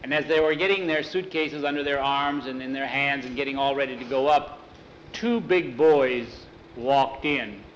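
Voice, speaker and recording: A man telling a story aloud in an unhurried way, acting out the characters' voices. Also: mid-range voice, a little hiss or hum, low-quality recording.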